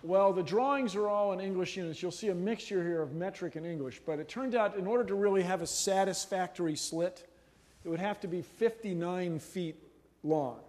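A middle-aged man giving a humorous university lecture in a lecture hall, animated and jokey. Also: high-pitched, fairly quick. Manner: animated, jokey, playful voices and laughs. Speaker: guest lecturer.

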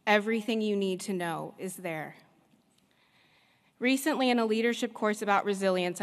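In a mid-range female voice, a veterinarian delivers a prepared commencement address, measured and earnest, with deliberate pauses. The long reverb of a large hall surrounds her.

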